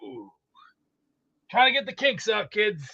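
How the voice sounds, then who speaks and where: A man rambling excitedly about football and cooking in a boastful, comedic way, slightly out of breath. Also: high-pitched, unhurried, creaky. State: out of breath from exercise. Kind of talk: rambling comedic sports chat. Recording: dull lo-fi sound.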